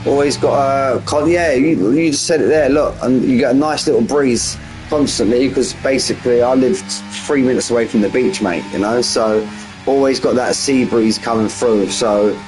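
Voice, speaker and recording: Faint music plays behind a medium-pitched man in his forties who calls a race at a moderate pace on a rough recording. Chatty and slangy, he answers chat mid-race, chats between calls, and jumps up at close moments.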